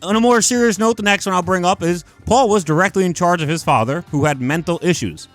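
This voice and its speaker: A man with a high voice rants in casual commentary. He sounds exasperated and mocking and swears freely. Faint music plays softly behind him. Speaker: comic commentary host.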